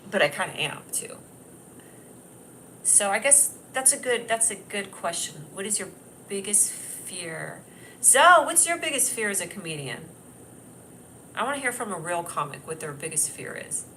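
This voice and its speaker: A woman comedian hosting her own livestream, chatting loosely and giggling, often talking loudly and at times yelling. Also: medium pitch, a little hiss or hum, poor audio. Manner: giggly and scattered. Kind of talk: rambling casual livestream chat. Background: piano playing.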